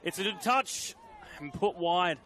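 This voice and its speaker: A man doing live play-by-play commentary on a football match, calling the action in brisk, clipped phrases that lift with the play. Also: high voice, animated, a bit bright.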